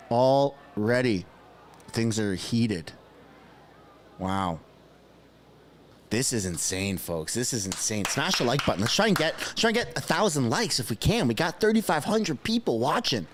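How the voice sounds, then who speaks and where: A man commentating live on a stream, excitable, shouting and laughing as he reacts. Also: mid-range voice, normal speed, slight background noise.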